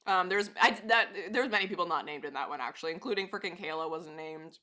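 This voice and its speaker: A woman's voice: on the low side, a little fast, sharp tone. A woman live streamer chatting casually to her viewers, rambling and laughing often.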